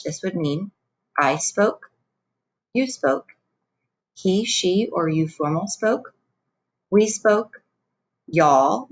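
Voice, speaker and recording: Woman Spanish teacher, low voice, patient and clear video-lesson delivery. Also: poor audio. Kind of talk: recorded classroom lesson.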